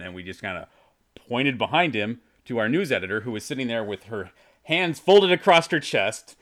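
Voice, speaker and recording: A man's voice: medium pitch, lively intonation, a little fast, a bit bright. A young man co-hosting a podcast, telling a story in a rambling, self-correcting way. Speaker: podcast co-host. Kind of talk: casual storytelling chat.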